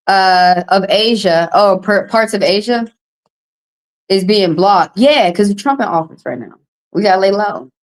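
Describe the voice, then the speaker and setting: A woman's voice: mid-range voice, low-quality recording. A woman doing a casual livestream tarot card reading, talking bluntly and profanely with rambling asides.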